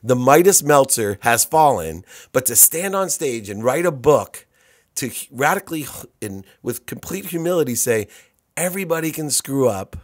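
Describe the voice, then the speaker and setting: A man's voice: medium pitch, normal speed, no echo, clean studio sound. A man being interviewed on a podcast, telling a personal story with feeling, often repeating words and acting out what people said. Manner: animated, repeats words, acts out quotes. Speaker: podcast guest. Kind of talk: emotional storytelling in conversation.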